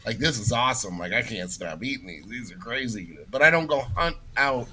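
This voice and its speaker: A man's voice: medium pitch, animated, a little fast, a crowd in the background, poor audio. A man co-hosting a podcast in casual chat, emphatic and opinionated. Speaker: podcast co-host.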